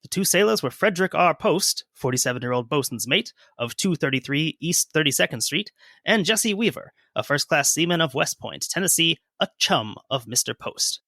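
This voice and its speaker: A man's voice: fairly high pitch, animated, normal speed, sharp tone, no echo. A man co-hosting a history podcast, reading old news quotes aloud and adding dry jokes. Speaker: podcast co-host. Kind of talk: history podcast narration and chat.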